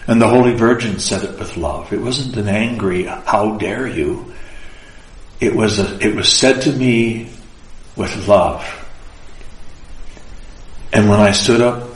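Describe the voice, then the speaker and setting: Slow, earnest man with roomy echo. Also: lowish voice. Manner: slow, deliberate, earnest and emotional. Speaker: Orthodox priest. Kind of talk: personal spiritual storytelling.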